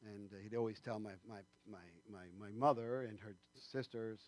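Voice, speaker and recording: A man's voice: on the low side, steady tone, normal speed, a little mellow, no room sound. A man preaching a sermon in a church, conversational and rambling, with many fillers and asides. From New York State. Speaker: pastor.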